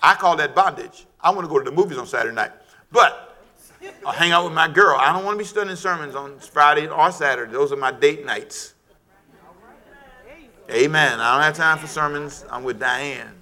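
Middle-aged preacher guy, high pitched, shouty and animated sermon. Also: normal speed. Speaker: pastor.

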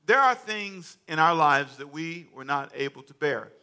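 A man, a pastor, preaching a lively sermon and calling out to his congregation for answers. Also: fairly high pitch, normal speed, clear, resonant tone.

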